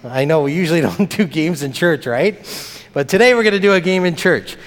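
A man's voice: on the high side, expressive, a little fast. A man leading a children's message in church, talking simply and playfully with the kids. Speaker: pastor. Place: church sanctuary. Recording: long reverb of a church hall.

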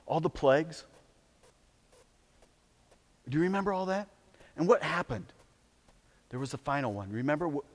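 A man with a high voice preaches a sermon in a space with long reverb. He moves from soft, hushed storytelling to loud, urgent exhortation. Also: animated, normal speed, long pauses. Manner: dramatic swings between hushed and loud, exhorting. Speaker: pastor.

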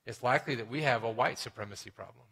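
A man preaching a sermon in a conversational way, often asking "right?" and dropping to a hushed tone for serious points. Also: mid-range voice, fast talker, husky. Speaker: pastor.

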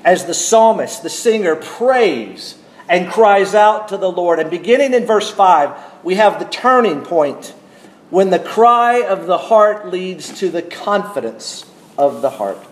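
A man preaching in a church sanctuary with a high voice and an unhurried, emphatic delivery. He leans on single words and pauses between them. The room echoes around him. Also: animated. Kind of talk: expository sermon.

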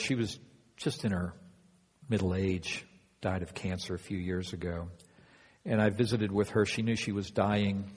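A man preaching a sermon as pastor to his church, moving from quiet reflection to loud, emphatic passages. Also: lowish voice, slightly rough. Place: church hall. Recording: long hall reverb.

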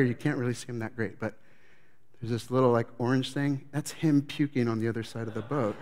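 A man's voice: medium pitch, fairly even intonation, fairly quick, darkish tone. A man preaching a sermon as pastor, telling the story with animation and acting out scenes.

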